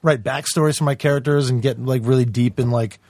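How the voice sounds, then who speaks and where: Fast-talking animated actor, man. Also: medium pitch, dry recording. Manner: animated storyteller, acts out quotes in other voices. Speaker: guest actor. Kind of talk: casual podcast chat.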